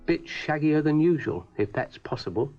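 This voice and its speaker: A man's voice: a little high, expressive, moderate pace, darkish tone, soft background music. An actor voicing a cheerful, vulgar male snail in a 1970s children's TV show, in a teasing manner. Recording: dull lo-fi archive recording.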